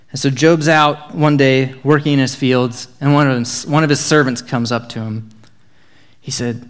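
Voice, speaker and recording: Young man, middle-pitched, casual upbeat youth-talk delivery. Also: a little fast. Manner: casual, joking, upbeat storytelling.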